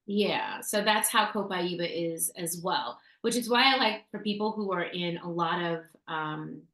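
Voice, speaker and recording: A woman's voice: lowish voice, animated, a little slow, a bit bright. Chatty woman in a roomy space. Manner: chatty, storytelling, frequent fillers and restarts. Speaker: podcast co-host sharing essential oil tips. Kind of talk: casual chat. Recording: roomy echo.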